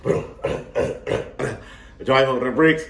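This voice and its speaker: A young man telling a wild story in a casual, animated, slangy way, laughing often. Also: medium pitch, extremely slow, gravelly. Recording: echoey room.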